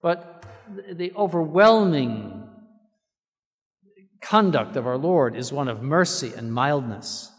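Earnest bishop preaching in a reverberant church. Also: male voice, on the high side, lively intonation, slow pace, pauses often. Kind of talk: sermon.

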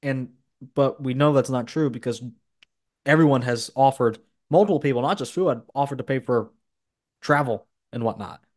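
A man's voice: mid-range voice, moderate pace, darkish tone. A man with a middling voice hosts a casual podcast chat. He gives blunt opinions and often restarts his sentences as he goes. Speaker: podcast host.

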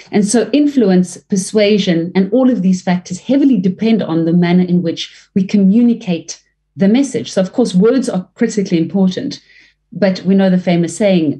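A woman working as a leadership trainer and voice coach, giving expressive interview answers with some restarts and fillers. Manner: expressive, varies pitch and pace to demonstrate; fluent with frequent restarts.

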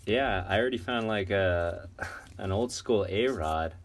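A man casually chatting while going through a box of trading cards, excitedly rattling off names. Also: fairly low pitch, a little slow. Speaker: card collector vlogger. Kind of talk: casual unboxing chat.

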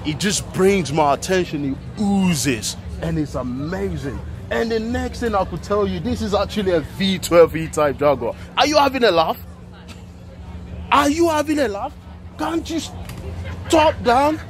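A man excitedly showing off cars at an outdoor car meet, talking to the camera. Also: high-pitched, a little hiss or hum. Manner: playful, exclaiming, talking to the camera. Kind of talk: excited walk-around vlog.

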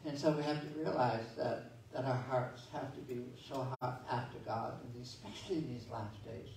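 Folksy pastor preaching in an echoey church. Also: male voice, mid-range voice, normal speed, a little mellow, a little hiss or hum. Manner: folksy, conversational preaching with restarts and asides. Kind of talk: sermon. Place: church sanctuary. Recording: echoey church sanctuary from far off.

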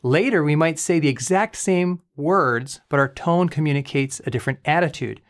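Communication coach, man, slightly raised pitch, explains points step by step. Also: normal speed. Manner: calm, clear, explanatory. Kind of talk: educational reaction commentary.

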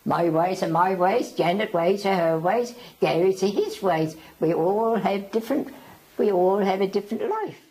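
A woman over a hundred years old, from South Africa, giving an oral history interview, speaking haltingly and often repeating herself. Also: mid-range voice, lively intonation, darkish tone, rough recording. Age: over 100.

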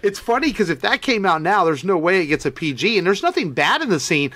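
High-voiced man, casual podcast chatter. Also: big pitch swings, fast talker, a bit bright, dry recording. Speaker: podcast co-host. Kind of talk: casual movie review chat.

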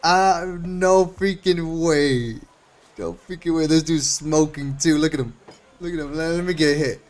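A man streaming live gameplay, reacting with lots of laughter and slangy, excited commentary. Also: a little high, a little slow. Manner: slangy and swearing. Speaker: game streamer.

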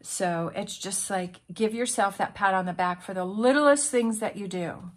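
A woman's voice: medium pitch, normal speed. Earnest woman reading tarot cards. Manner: earnest, encouraging, many restarts and fillers. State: emotional. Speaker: tarot reader. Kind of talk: casual tarot reading monologue.

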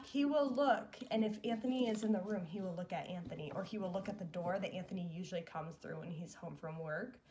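A woman's voice: on the high side, a little hiss or hum. A young woman vlogging as a mom, chatting fondly and casually with lots of fillers. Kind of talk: casual chat.

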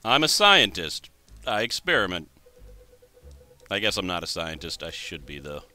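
Man, 20s, gameplay commentary, wry, self-mocking, very bright voice, dry sound. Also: low-pitched, big pitch swings, moderate pace, no echo. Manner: wry, thinks aloud, jokes at himself. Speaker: let's play host.

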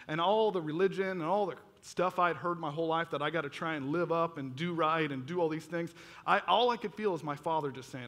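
A man preaching a testimony sermon, telling his story in an animated way and acting out his own reactions. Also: a little high, fairly quick. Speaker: pastor. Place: church auditorium. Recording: long reverb of a large hall.

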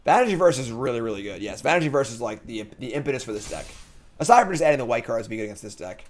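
A man with an ordinary mid-range voice hosts a card game stream, talking through his plays in loose live commentary. He thinks out loud, mutters through choices, and jokes with the chat as he goes. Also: mid-range voice, sing-song, racing. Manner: thinking out loud, casual and chatty; jokey, reads chat comments aloud.

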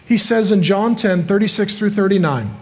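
High-voiced man preaching emphatically. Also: moderate pace. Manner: emphatic, repeats points with rhetorical questions. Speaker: pastor. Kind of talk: sermon.

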